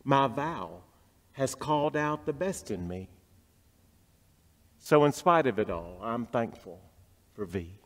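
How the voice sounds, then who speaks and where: A man voicing a gentle older Southern woman. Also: mid-range voice, expressive, slow pace, pauses often, long reverb tail. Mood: tender.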